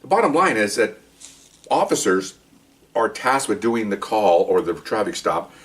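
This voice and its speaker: A man's voice: on the low side, sing-song, normal speed, fairly bright tone, recorded from a distance. An older man, a retired police officer, tells rambling stories in a casual monologue, often repeating words and asking "okay?".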